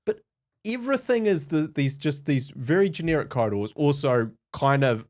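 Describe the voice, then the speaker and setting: Lively, animated male podcast co-host. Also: fairly high pitch, moderate pace. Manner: animated, laughing, lots of restarts. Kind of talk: casual chat.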